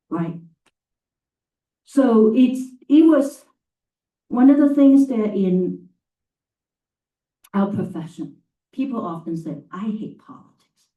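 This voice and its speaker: A middle-aged woman, a campus facilities and sustainability leader, telling anecdotes to a live audience in an animated, emphatic way. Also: fairly low pitch, roomy sound, distant mic, rough recording. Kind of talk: storytelling talk to a live audience. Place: talk venue, indoors.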